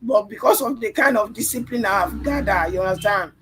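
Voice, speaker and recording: A man's voice: high voice, fairly quick, sharp tone, soft background music. A man coaching a live trading stream, his voice strained and tired, repeating phrases and constantly checking "you understand?". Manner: repetitive, keeps asking "you understand?". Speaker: trading livestream host. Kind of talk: live chart analysis and coaching.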